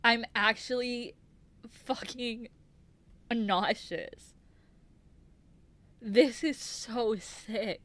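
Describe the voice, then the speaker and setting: High-voiced, slow, swearing woman streamer. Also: fairly even intonation, slight background noise. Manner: swearing, loud exclamations. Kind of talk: live game reaction.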